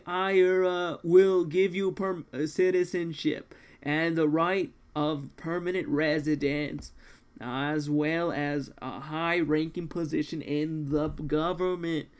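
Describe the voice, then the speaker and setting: A man voicing a calm, scheming president in a manga read-along, speaking slowly and commandingly. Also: on the high side, smooth. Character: calm scheming male president, cold and measured.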